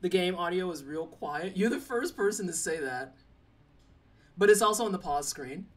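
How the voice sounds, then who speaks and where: A young adult streamer chats casually while gaming live, joking and teasing the chat in a loose, playful manner. They speak at normal speed with a medium-pitched, animated voice. The mic is a bit far off, and game music is faintly audible.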